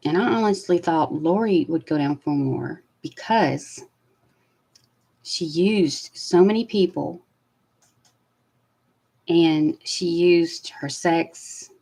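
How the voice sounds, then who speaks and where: A woman with a drawl talks through events in loose, unscripted commentary. Her voice sits a little low, and she speaks bluntly, swears often and gets worked up as she gives her opinions. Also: very slow, pauses often, dark tone, low-quality recording. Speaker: commentary host. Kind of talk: casual live trial commentary.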